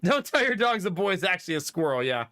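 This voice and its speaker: A man's voice: sits high, fast. A man in his thirties chatting casually with viewers on a livestream, telling funny stories about his kids and laughing often. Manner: animated storytelling with frequent laughter. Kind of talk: casual chat reading viewer comments.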